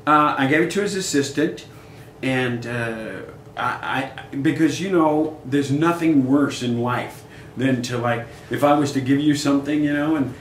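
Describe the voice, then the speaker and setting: An older man in his sixties, a musician guest in a casual interview, telling animated stories and acting out quoted dialogue. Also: mid-range voice, measured pace. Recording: echoey room with faint noise.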